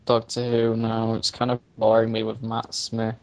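A man's voice: on the low side, completely flat delivery, moderate pace, a little mellow, dry recording. A man, a guest on a casual podcast, giving blunt, dismissive opinions. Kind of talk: casual chat.

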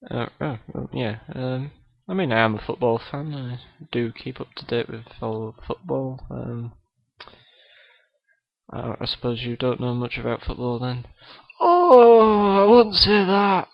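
Male podcast host, halting and full of ums, slow-paced, dull lo-fi sound. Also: mid-range voice, fairly even intonation, creaky, no room sound. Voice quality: hesitant, full of ums and pauses. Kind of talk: comedy podcast interview. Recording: dull lo-fi recording.

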